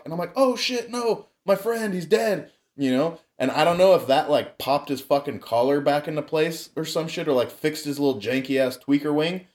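A man's voice: a little high, darkish tone. A young man telling a wild childhood story in casual, profane chat, laughing often.

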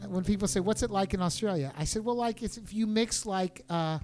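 A man's voice: high-pitched, fairly quick, soft background music. Joking, rambling American man. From United States. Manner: relaxed, joking, rambling with many restarts. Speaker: interview guest, performer. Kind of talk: casual conversational interview.

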